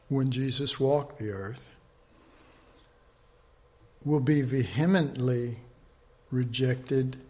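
A man teaching an informal Bible study, rambling and conversational, with many restarts, often dropping to a soft, earnest hush. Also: mid-range voice.

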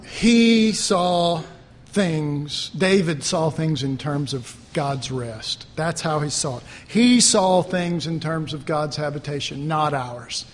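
A man preaching a fervent sermon, swinging between loud outbursts and quiet asides. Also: fairly high pitch, slow, long reverb tail, a little hiss or hum.

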